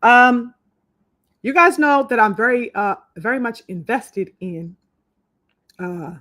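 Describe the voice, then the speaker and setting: Speaking slowly in a slightly high, somewhat bright voice, a podcast host chats her way through a live stream recorded in a clean, echo-free studio. Her talk is loose, peppered with fillers and false starts, and she calls out viewers by name.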